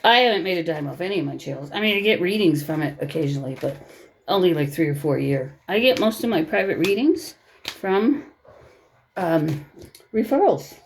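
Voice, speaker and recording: A woman's voice: on the low side, lively intonation, a little fast, slight background noise. A woman giving a casual tarot reading to camera from her bedroom at home. She talks in a chatty, reassuring way and keeps checking in with listeners. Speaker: tarot reader.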